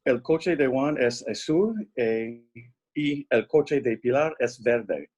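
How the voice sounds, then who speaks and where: A man's voice: mid-range voice, expressive, measured pace, darkish tone, slightly rough, muffled recording. A man taking part as a student in an online class, carefully reading out sentences and their translations.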